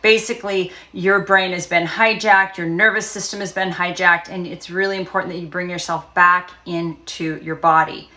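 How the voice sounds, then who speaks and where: A woman speaking as a trauma recovery coach, talking casually and gently with frequent fillers and pauses. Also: lowish voice, steady tone. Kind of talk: casual self-help talk.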